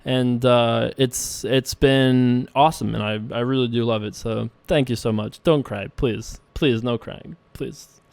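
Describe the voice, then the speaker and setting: A man chats loosely through an online poker session, piling up fillers and tossing in playful little jokes. His voice is smooth and resonant, sitting at an ordinary middle pitch for a man. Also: fairly even intonation, measured pace, darkish tone, no room sound. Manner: rambling and playful, many fillers, frequent self-laughing asides. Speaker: poker video host. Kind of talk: casual commentary while playing online poker.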